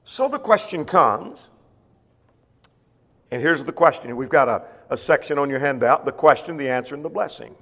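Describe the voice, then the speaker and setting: A man's voice: on the high side, animated, normal speed, a bit bright, big-room sound. A man teaching a church Bible class, explaining scripture in plain words with frequent fillers and restarts.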